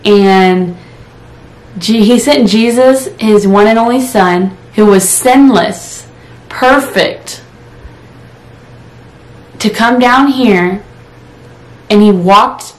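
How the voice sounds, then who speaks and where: A woman in her twenties who talks casually and earnestly about faith, with frequent pauses, then prays aloud. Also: mid-range voice. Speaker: Christian vlogger. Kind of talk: casual devotional talk and spoken prayer. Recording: roomy echo.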